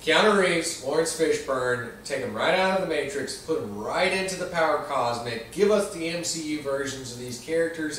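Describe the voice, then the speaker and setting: A man's voice: medium pitch, a bit bright, a little hiss or hum. A man hosting a casual comic book chat, playful and jokey, recorded in an echoey room. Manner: playful, jokey, slips into silly villain voices. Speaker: podcast host. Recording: echoey room, far from the mic.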